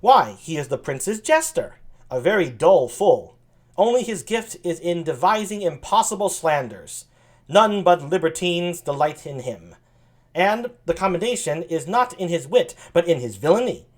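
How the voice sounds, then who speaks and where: A man reading a witty young noblewoman in his own voice, mocking and deliberate. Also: on the high side, sing-song.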